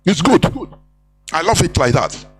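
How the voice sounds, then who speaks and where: Slightly high and sing-song, this man's voice keeps a measured pace. Speaking with a Nigerian accent on a live broadcast, he preaches with passion, circling back on repeated phrases and drifting into pidgin and Igbo.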